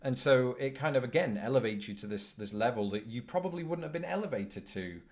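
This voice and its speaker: A man from Britain presenting a video in a dry, articulate and wordy way, delivering deadpan jokes. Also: medium pitch, brisk, a little hiss or hum. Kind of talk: scripted presenting with dry humour.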